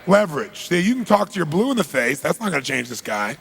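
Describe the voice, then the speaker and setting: A middle-aged man tells a story to an audience with lots of energy, sinking into low asides and then erupting in loud bursts. He talks fast, and his voice is husky with a creaky edge.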